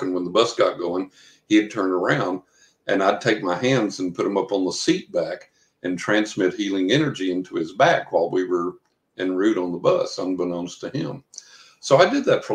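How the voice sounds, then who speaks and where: An older man telling long anecdotes in an interview, full of fillers and acted-out quotes. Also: low voice. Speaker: guest, psychic investigator. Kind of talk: storytelling in an interview. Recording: echoey room.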